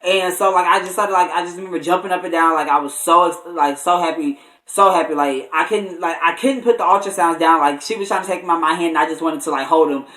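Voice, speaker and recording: Brief: young male vlogger, chatty and animated, voice bouncing around an echoey room from a distance. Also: on the high side, fast. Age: young adult. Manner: animated, full of "like" and restarts. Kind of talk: casual storytime.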